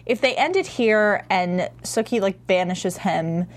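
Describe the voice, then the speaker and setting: Female panelist, mid-pitched, quick and animated, lots of "like". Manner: animated, talks fast with many "like"s. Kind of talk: casual TV recap chat.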